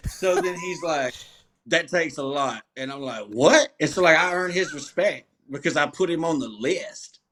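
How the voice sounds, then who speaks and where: A man, a comedian guest, telling stories in a casual, animated, profane way and laughing often. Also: on the high side, normal speed. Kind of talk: casual storytelling interview.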